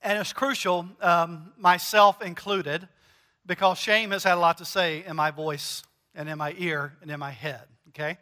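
A man's voice: sits high, fairly even intonation, moderate pace, bright, forceful tone, long reverb tail. A male pastor preaching a sermon in an earnest, emphatic way, repeating key phrases.

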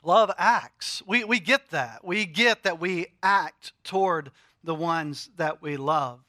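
Bright-voiced man preaching emphatically. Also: a little high, animated, dry recording, clean studio sound. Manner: emphatic preaching with dramatic pauses and swells. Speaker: pastor. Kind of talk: sermon.

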